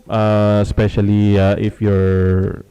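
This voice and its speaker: A man's voice: on the low side, monotone, slow pace, mellow, smooth, lo-fi sound. A man hosting an internet radio interview. He hesitates a lot and switches between English and Tagalog. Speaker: radio host.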